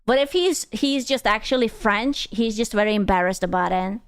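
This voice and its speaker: A young woman, streaming and chatting casually with her chat, excitable, swearing and gasping in her reactions. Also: medium pitch, normal speed, clear, resonant tone. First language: Hungarian.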